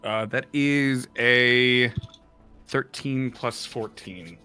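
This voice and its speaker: A man's voice: mid-range voice, extremely slow, pushed and bright, smooth, soft background music. A man playing a tabletop game, speaking hesitantly and carefully about the rules. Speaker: player. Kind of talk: casual tabletop play.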